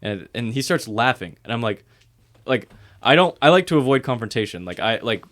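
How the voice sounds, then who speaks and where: A young man telling a work story in casual chat, profane and animated, acting out what others said. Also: medium pitch, a little fast. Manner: animated, profane, acts out quotes. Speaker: podcast co-host.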